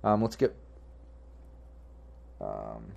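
A man's voice: rumbling low, big pitch swings, drawn-out words, vocal fry. A man running a tabletop game as game master, narrating in a casual, rambling, profane way.

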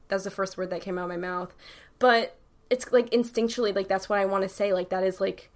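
A woman's voice: medium pitch, level tone, quick pace. A young adult woman from New York with a New York accent, chatting casually to camera with rambling, slang-heavy talk full of "like" and "literally". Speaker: YouTuber.

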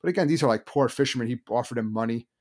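Fast-talking man telling a story. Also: medium pitch, a little mellow. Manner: fast, loose storytelling with many fillers. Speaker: podcast co-host. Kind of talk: casual chat.

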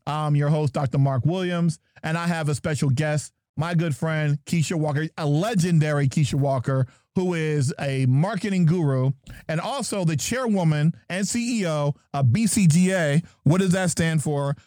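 Jokey podcast host guy from jersey, kinda high voice, mellow tone, real dry sound. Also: normal speed, no room sound. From New Jersey. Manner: playful, joking, hyped-up. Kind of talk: lively podcast chat.

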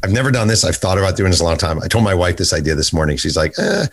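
A man hosting a podcast interview, blunt and excitable, swearing and repeating himself as he pitches an idea. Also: rapid-fire. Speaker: podcast host. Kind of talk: casual interview chat.

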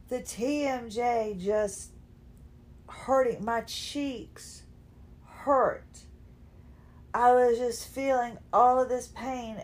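A woman hosting a podcast, talking unscripted while lying down at home, rambling, emotional and often apologizing. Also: a little high. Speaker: podcast host. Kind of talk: unscripted personal chat.

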